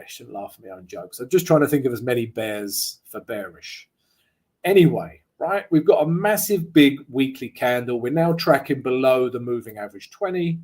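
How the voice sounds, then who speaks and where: A man's voice: medium pitch, darkish tone. A man walking viewers through his market analysis in a casual, chatty way, often tagging lines with "right?" and joking along the way. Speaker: trading analyst. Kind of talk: live market analysis walkthrough.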